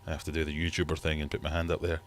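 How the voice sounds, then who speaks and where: A British man in his thirties hosts a relaxed livestream from his home fish room. His voice sits very low, and he rambles good-naturedly, cracking jokes as he reads viewers' comments aloud. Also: racing, a little hiss or hum. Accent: British English. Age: 30s. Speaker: livestream host. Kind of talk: casual livestream chat.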